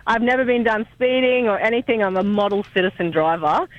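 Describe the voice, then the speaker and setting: A man's voice: sits high, steady tone, a little fast, lo-fi sound. A man chatting as a guest on a radio show, giggly and laughing often. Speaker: lodge operator, studio guest. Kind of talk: casual radio chat.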